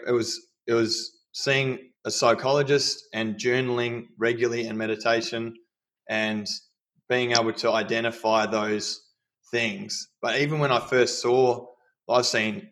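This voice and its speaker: A man's voice: medium pitch, steady tone, normal speed, fairly bright tone. A man talking candidly in a casual conversation, telling personal stories. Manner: candid, storytelling with acted quotes.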